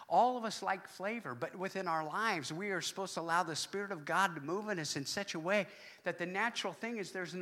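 A man preaching a sermon to his congregation, animated, with loud exclamations and hushed asides. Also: sits high. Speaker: pastor.

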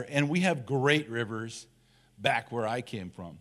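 Older man, church elder, conversational sermon, animated storytelling, voices for characters. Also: medium pitch, measured pace.

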